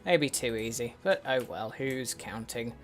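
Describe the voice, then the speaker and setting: A man's voice: mid-range voice, measured pace. A man giving casual game commentary as a let's play host, muttering to himself with wry, sweary asides. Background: faint in-game music.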